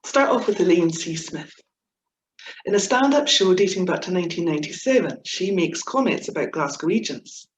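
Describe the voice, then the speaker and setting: A woman's voice: lowish voice, lively intonation, normal speed, roomy sound, a little hiss or hum. A woman with a Scottish accent giving a playful, chatty webinar talk over a video call, full of asides and giggles. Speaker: webinar speaker on Scots humour.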